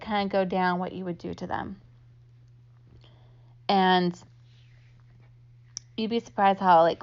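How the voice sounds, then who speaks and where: A woman talks through a casual online lesson in a chatty way, dropping "like" into nearly every phrase. Her voice sits in a middle pitch. The recording sounds a little dull and lo-fi. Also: a little mellow. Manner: chatty, heavy use of "like" fillers. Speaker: online instructor. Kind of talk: casual instructional talk. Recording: slightly dull lo-fi audio.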